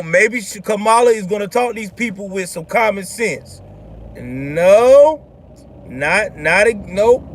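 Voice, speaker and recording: A man with a notably high voice talks straight at his audience from a car, blunt, profane and animated. Road and engine noise run clearly beneath his voice. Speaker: vlog host. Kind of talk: casual ranting commentary.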